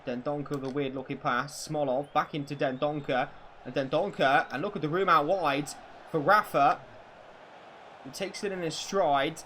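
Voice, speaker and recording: A man streams a football video game, narrating the action like a commentator and talking with his viewers. He's excitable, swears, and breaks into shouting now and then. His voice sits fairly high, his pace is moderate, and there's a faint hiss or hum.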